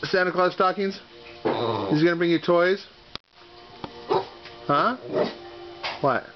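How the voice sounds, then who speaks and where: A dog owner filming his pets coos at them in playful baby talk, his high-pitched voice animated but slow. Music plays under the muffled home video, which also has background noise.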